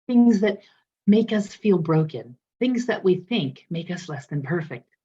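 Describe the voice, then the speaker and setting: A woman minister telling a parable in a sermon, expressive with dramatic pauses. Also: low-pitched, dull audio. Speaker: guest minister. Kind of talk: storytelling sermon.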